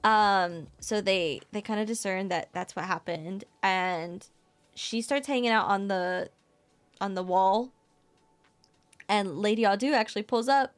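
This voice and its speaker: A woman co-hosting a casual podcast, recapping an anime episode in a rambling, excitable way and laughing often. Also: mid-range voice, unhurried, smooth, faint music behind. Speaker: podcast co-host.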